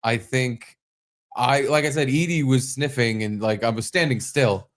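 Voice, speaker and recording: A man co-hosting a casual podcast, telling stories in an animated way, swearing freely and acting out his own startled yelps. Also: medium pitch, normal speed. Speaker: podcast co-host. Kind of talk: casual chat.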